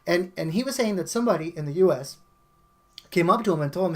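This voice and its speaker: A man's voice: sits high, expressive, quick pace. A man hosting a casual songwriter podcast, talking animatedly with frequent laughs and restarts. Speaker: host.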